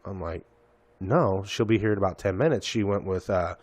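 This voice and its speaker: A man's voice: sits low, moderate pace, a little mellow, no echo. A man in his thirties, a podcast host telling a profane, rambling story in casual chat.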